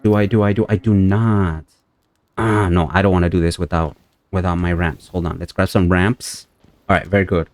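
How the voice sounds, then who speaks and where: A deep-voiced young man chatting his way through a survival game. He talks to his viewers and his in-game horse and breaks into excitable outbursts when enemies show up. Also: moderate pace, dry recording. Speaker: gameplay streamer. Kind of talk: casual let's-play commentary.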